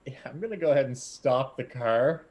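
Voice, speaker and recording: A man's voice: mid-range voice, animated, a little fast, a little mellow, dull audio. A man playing in a tabletop game, chatting casually with laid-back remarks. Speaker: player.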